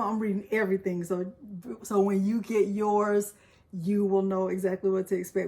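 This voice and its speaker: A woman hosting a craft channel vlog, chatting excitedly and getting emotional as she thanks her viewers. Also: medium pitch, normal speed. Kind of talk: casual vlog chat.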